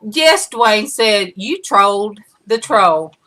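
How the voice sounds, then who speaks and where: Lady hosting a live stream, slow easy talk, bright voice, chatty and laughing a lot. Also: medium pitch, lively intonation, poor audio. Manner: chatty, greets viewers by name, laughs easily. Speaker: livestream host. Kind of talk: casual livestream chat.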